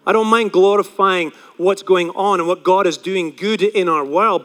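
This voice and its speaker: Male pastor, high-pitched, animated preacher who acts out quoted voices, miked in a reverberant hall. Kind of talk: sermon.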